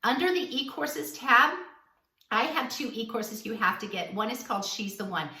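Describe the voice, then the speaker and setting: A woman's voice: a little high, lively intonation, normal speed, pushed and bright, roomy sound, recorded from a distance. Woman host, dating advice talk, emphatic and direct, recorded a little off-mic. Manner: blunt, emphatic, acts out quoted dialogue.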